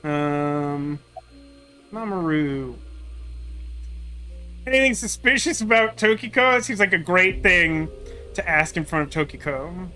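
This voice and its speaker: A man's voice: sits high, expressive, measured pace, pauses often, sharp tone. A man commenting on a video game in a wry, rambling way with lots of fillers. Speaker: gaming streamer. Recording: game music playing faintly behind.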